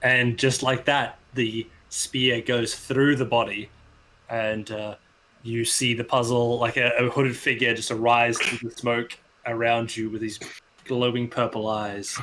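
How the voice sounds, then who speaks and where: A man's voice: mid-range voice, little pitch movement, a bit bright, a little hiss or hum, low-quality recording. A man narrating a tabletop game as game master, hesitant and full of restarts. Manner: hesitant, with restarts and drawn-out pauses.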